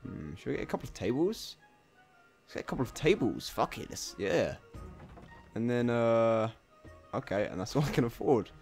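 Man swearing through a lively game commentary. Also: mid-range voice, normal speed, pauses often, faint music behind. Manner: chatty self-talk, swearing, bursts of exclaiming. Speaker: gameplay commentator. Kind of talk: let's play commentary.

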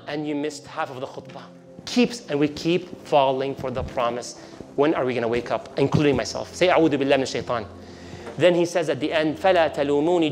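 A man preaching a lively sermon to an audience, acting out the devil's whispers and reciting verses in Arabic. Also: a little high, quick pace. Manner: animated, acts out the devil's whispers in asides, mixes in Arabic recitation.

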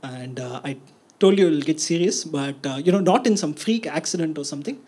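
A man's voice: on the high side, a little fast, breathy edge. A man doing a stand-up comedy set, telling stories animatedly before a live audience. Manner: animated storytelling, sombre in the closing part.

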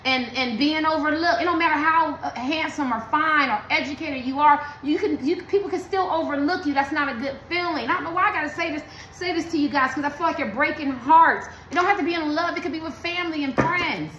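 A woman's voice: high-pitched, fast talker, few pauses, fairly bright tone, roomy sound, slight background noise, poor audio. A woman giving a blunt, emphatic tarot reading, talking in slang and preaching to her viewers. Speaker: tarot card reader.

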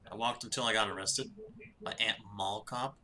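A man voicing a sullen, sarcastic young female cat in a video game, giving flat, snarky comebacks. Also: on the low side, moderate pace, slight background noise, pitched below the performer's own voice.

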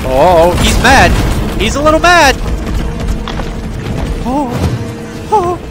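Excitable high-voiced man gaming, swearing. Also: slow pace. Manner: excitable, swearing, yelping reactions. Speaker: gaming streamer. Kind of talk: let's play commentary. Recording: game sounds and music behind voice.

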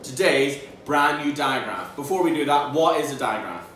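A man teaching a children's phonics lesson in a playful, animated way. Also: medium pitch. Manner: playful, animated, slow and drawn out for young learners. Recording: echoey room, mic at a distance, faint background noise.

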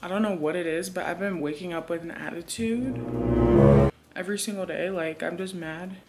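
A woman's voice: on the low side, normal speed, over loud music. Chatty young woman vlogger, swears freely. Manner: chatty, blunt, swears freely, uses "y'all". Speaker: lifestyle vlogger. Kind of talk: casual vlog chat. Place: at home indoors. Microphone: compact camera held close.

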